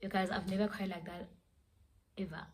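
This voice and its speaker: A woman's voice: medium pitch, flat delivery, moderate pace. A young woman telling a dramatic storytime vlog, switching languages as she goes. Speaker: vlogger. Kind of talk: storytime vlog, casual chat.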